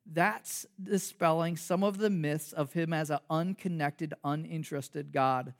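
A man's voice: on the high side, unhurried. A man preaching a conversational sermon as pastor. He jokes, asks rhetorical questions, and restarts his sentences a lot. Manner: animated, joking, rhetorical questions; frequent fillers and restarts.

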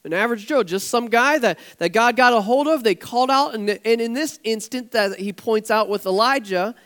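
A male pastor preaching a casual, storytelling sermon in a church, growing animated and nearly shouting when excited. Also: extremely high pitch, moderate pace.

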